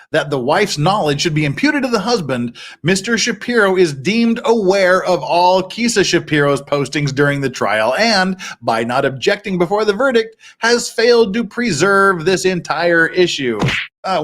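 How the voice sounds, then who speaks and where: A middle-aged man hosts a live legal commentary stream and reads court filings aloud. He breaks off into wry, sarcastic asides between the formal passages. His voice sits somewhat high for a man. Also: fairly bright tone.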